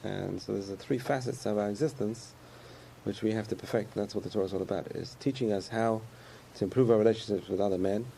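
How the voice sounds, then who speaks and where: A man's voice: lowish voice, fast talker, vocal fry, warm tone, slight background noise. A man giving a conversational sermon about faith, repeating phrases and chuckling often.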